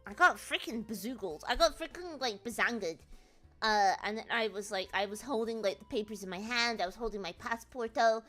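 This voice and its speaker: A young woman chatting on a livestream, her voice high and very bright. She rambles through her story with lots of fillers, over faint music. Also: fairly quick. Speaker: VTuber streamer. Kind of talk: casual livestream chat.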